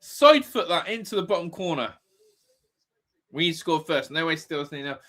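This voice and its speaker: A man hosting a live football watch-along, reacting loudly, swearing and shouting advice at the players. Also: on the high side, lively intonation, normal speed. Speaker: fan watch-along host.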